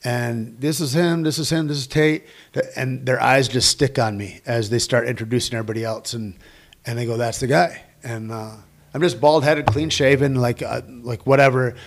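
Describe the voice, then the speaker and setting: A man's voice: medium pitch, steady tone, normal speed. A man who works as a stunt performer, telling rambling, profane anecdotes with quoted dialogue in a casual interview.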